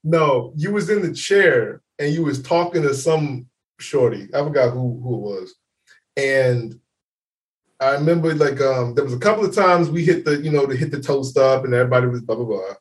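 A man co-hosting a podcast, telling a story in casual chat, laughing often and loudly acting out what people said. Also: mid-range voice, normal speed, distant mic. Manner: animated, laughing, acts out quotes loudly. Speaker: podcast co-host.

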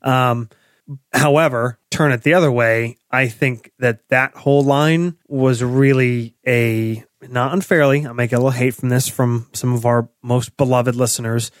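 A man's voice: medium pitch, fairly even intonation, measured pace, no echo, clean studio sound. Opinionated, swearing podcast co-host man. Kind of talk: casual chat.

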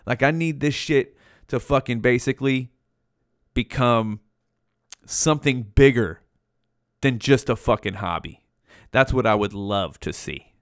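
A young man hosts a solo podcast from home, rambling casually and swearing heavily, full of slang and fillers. He uses headphones and a podcast mic. His medium-pitched voice is unhurried with frequent pauses, and the sound is clean and studio-like with no echo.

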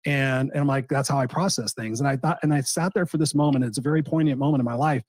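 A man's voice: mid-range voice, quick pace, a little mellow, no echo. A man, a coach, speaking in a heartfelt way about personal loss on a podcast, often restarting his sentences. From Southern California. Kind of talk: emotional personal storytelling.

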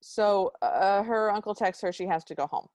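A woman's voice: medium pitch, moderate pace, darkish tone, no room sound. A woman co-hosting a podcast, recapping a film in casual chat with sarcastic, exasperated ranting. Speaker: podcast co-host.

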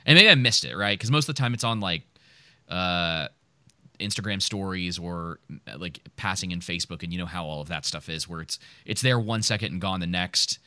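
A man's voice: low voice, fairly quick, bright, forceful tone, no echo. A man co-hosting a podcast in casual chat, rambling and hesitant with many fillers. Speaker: podcast co-host.

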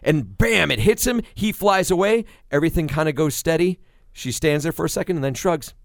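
A man's voice: a little high, fairly quick, creaky, no echo, studio quality. A man co-hosting a podcast, chatting casually and acting out movie scenes with swearing and jokes. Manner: animated, swears, acts out scenes. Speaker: podcast co-host. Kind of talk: casual chat.

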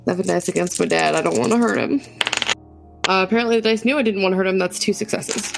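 A woman playing in a tabletop role-playing game, rolling dice and speaking in character in a hesitant, halting way. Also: medium pitch, vocal fry, over music. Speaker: player.

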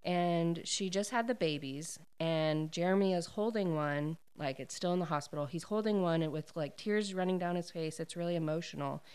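A woman's voice: fairly low pitch, normal speed, hardly any pauses, a little mellow, clear, resonant tone. A woman casually retelling a book's plot, using many "like"s, acting out quoted lines and laughing often. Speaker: book discussion host. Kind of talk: casual book recap chat.

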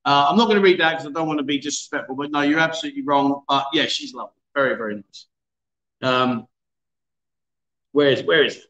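Jokey man in his fifties, bright. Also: a little high, quick pace, roomy sound, dull audio. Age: 50s. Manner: jokey, laughing, chatty banter. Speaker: livestream host. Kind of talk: casual livestream chat reading viewer comments. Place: bar in a city.

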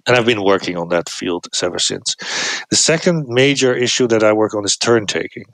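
A middle-aged man with a low voice talks through his research in a relaxed, thoughtful way, often breaking off and restarting phrases. The recording is dry and close, with no room sound. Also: brisk, no echo. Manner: thoughtful, restarts phrases, acts out quoted replies. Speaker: guest researcher. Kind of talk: casual academic explanation.

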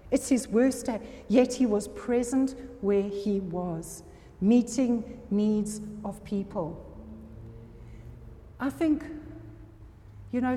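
A woman's voice: medium pitch, dark tone. A woman preaching an earnest sermon to a congregation, often checking that her listeners are still with her. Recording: long reverb of a hall.

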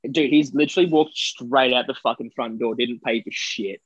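A young man with an Australian accent rattles through a casual podcast story, swearing freely. His voice is mid-pitched, and the recording is dry and a little dull. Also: moderate pace, dry recording. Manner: sweary storytelling, puts on voices for quoted people. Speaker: podcast co-host. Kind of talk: casual chat.

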